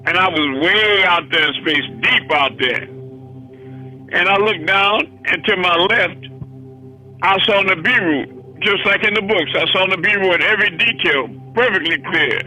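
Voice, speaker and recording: A man's voice: high-pitched, measured pace, pushed and bright, faint music behind, low-quality recording. A man who is a spiritual teacher, recounting a vision in plainspoken, colloquial speech, often repeating himself. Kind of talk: recounting a vision in a call-in meeting.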